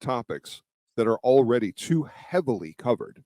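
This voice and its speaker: Man in his fifties, mid-pitched, voice cracking, animated storyteller, dry close sound. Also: normal speed, no echo. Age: 50s. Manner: animated, storytelling, self-deprecating. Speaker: guest YouTuber. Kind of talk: casual interview chat.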